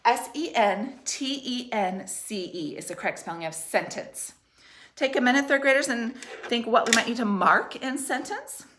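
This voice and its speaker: A woman teaching third graders a spelling lesson, dictating words slowly and clearly in an encouraging way. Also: a little high, lively intonation, a bit bright, a little hiss or hum. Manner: slow, clear, encouraging classroom delivery. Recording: roomy echo.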